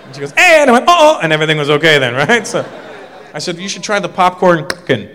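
A man's voice: fairly high pitch, very animated, fast talker, big-room sound, background noise. A man doing stand-up, telling a story and checking in with the audience as he goes. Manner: conversational storytelling with checks of right?. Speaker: stand-up comedian. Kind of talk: stand-up comedy.

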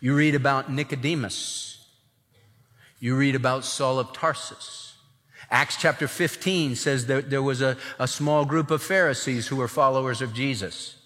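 A man preaching a sermon with animated delivery, acting out the voices he quotes. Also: medium pitch, measured pace. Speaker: pastor. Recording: long hall reverb.

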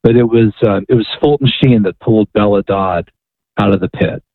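A man's voice: on the low side, moderate pace, vocal fry, dry recording. Man on a tinny phone line. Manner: hesitant, repeats words often. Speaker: guest author. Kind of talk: storytelling in a radio interview.

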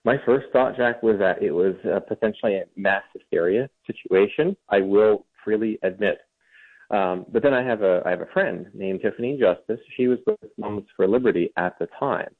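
A man's voice: lowish voice, normal speed. A man from Ohio, a guest author, telling a long story in an interview and often restarting his sentences. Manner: storytelling, with frequent restarts and mocking mimicry. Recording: tinny phone-like remote line.

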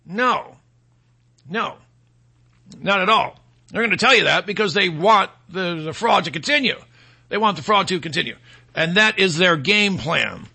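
A man's voice: high-pitched, expressive, a little slow, gravelly, long pauses, sharp tone, slightly rough. A man hosting a talk show, delivering a combative opinion monologue in a mocking tone and mimicking his opponents in quoted voices. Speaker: radio talk show host.

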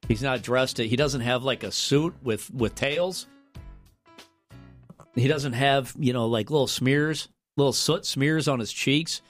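A man's voice: medium pitch, a little slow, soft background music. Joking male radio co-host. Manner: jokey, animated storytelling. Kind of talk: casual morning radio chat.

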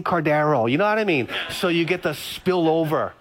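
A man's voice: fairly high pitch, normal speed, slight background noise. A middle-aged male pastor giving a sermon, telling stories with jokes and repeated phrases. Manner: animated storytelling, joking and repeating phrases.

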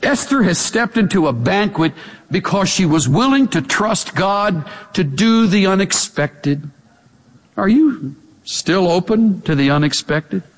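A man preaching a sermon as pastor, with animated delivery and sudden swings in pitch. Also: measured pace. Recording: long hall reverb.

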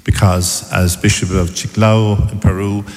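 A man preaching a measured, deliberate sermon as a priest. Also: lowish voice, little pitch movement, darkish tone. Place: church. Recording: long church reverb.

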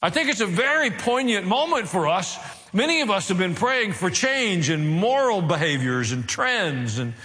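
A man's voice: sits high, sharp tone. Male pastor, sermon delivery, wry asides, emphatic build, long hall reverb. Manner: builds to raised, emphatic preaching.

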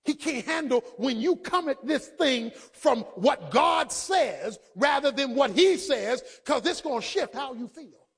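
A man preaching a sermon. He drops to quiet asides and then builds to shouted emphasis, acting out quoted voices. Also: extremely high pitch, lively intonation, unhurried, gravelly, few pauses, breathy edge. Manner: dramatic, acts out quoted speech.

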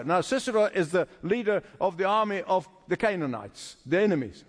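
Animated high-voiced male preacher. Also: fairly quick, hardly any pauses, long reverb tail. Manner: emphatic, repeats phrases for stress. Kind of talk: sermon.

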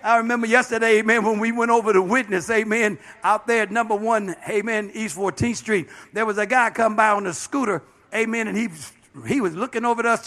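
A man's voice: sits high, fairly bright tone. A man, a bishop, preaching a sermon with passion, dropping frequent amens and calling out to the congregation. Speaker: bishop and pastor.

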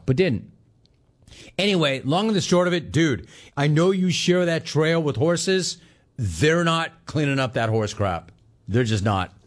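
A middle-aged man hosting a sports call-in radio show, telling stories in an animated, joking way. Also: medium pitch. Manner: animated, jokey storytelling. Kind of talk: casual call-in radio talk.

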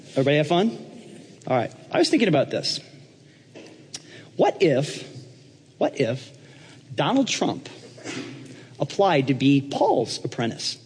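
A man's voice: mid-range voice, in a large hall, slight background noise. A man preaching a sermon in a jokey, conversational way, checking in with his congregation. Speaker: pastor.

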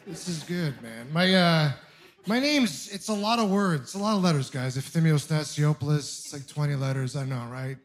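A man in his thirties from Ontario doing a stand-up comedy set, telling stories with animated, acted-out voices. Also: fairly high pitch, moderate pace. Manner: animated storytelling, acting out voices. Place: comedy club stage with audience.

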